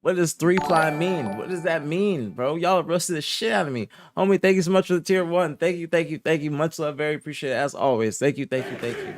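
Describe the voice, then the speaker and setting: A soft-spoken young man chatting casually on a live stream, answering his chat in a laid-back way, dropping to low murmurs and rising to higher protests, often repeating himself. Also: a little fast, hardly any pauses. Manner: drifts between low murmurs and higher indignant outbursts. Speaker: streamer reporting esports news.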